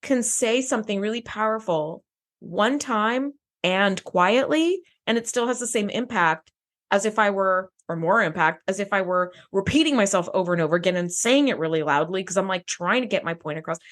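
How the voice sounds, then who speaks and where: Lively, animated woman podcast co-host. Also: mid-range voice, fairly quick. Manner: animated, swears freely, acts out quotes. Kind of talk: casual chat.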